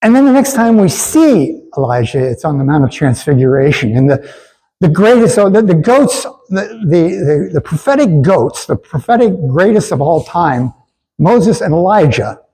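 A man's voice: on the high side, big pitch swings, normal speed, mellow, slightly rough, low-quality recording. A man preaching a sermon in an earnest way, with stammered restarts, and he asks the congregation to repeat lines after him. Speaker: pastor.

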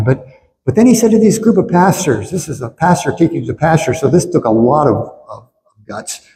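Male pastor, mellow voice pitched a little high, earnest sermon delivery, echoey sanctuary with faint room noise. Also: big pitch swings, fairly quick. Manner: earnest, repeats words, rises to emphatic peaks. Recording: echoey hall with faint ambience.

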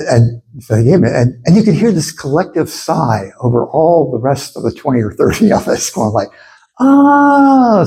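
A man preaching a sermon in an animated way, acting out the voices of his listeners as he goes. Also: fairly high pitch, creaky, low-quality recording. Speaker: pastor.

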